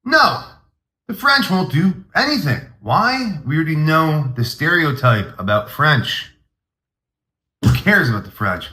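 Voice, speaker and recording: A man's voice: fairly high pitch, sing-song, unhurried, sharp tone, echoey room. A man hosting a comedy podcast, rambling through a mock-grandiose, hyped monologue.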